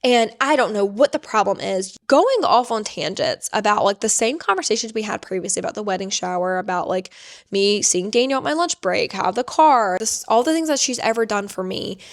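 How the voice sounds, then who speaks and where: A woman's voice: mid-range voice, expressive, brisk. A woman in her twenties, seated indoors, tells a personal story to camera, filling her speech with "like". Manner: chatty, many filler "like"s. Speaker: vlogger.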